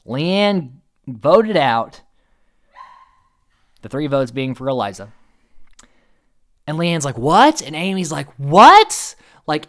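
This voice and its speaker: A man chatting through a casual recap in a lively voice that rises and falls a lot. He talks in an animated, offhand way and breaks into laughs now and then. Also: a little high. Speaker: show recap host.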